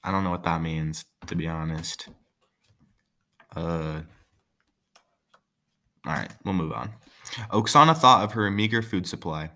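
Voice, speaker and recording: A man's voice: sits low, a little slow, long pauses, bright, forceful tone. A man reading a folk tale aloud, breaking off for joking, offhand asides. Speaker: story reader.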